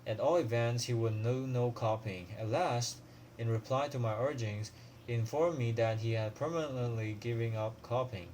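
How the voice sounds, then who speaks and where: A man reading a classic story aloud as a student, at a steady pace with frequent slips and restarts. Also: medium pitch, moderate pace, a little hiss or hum. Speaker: student reader.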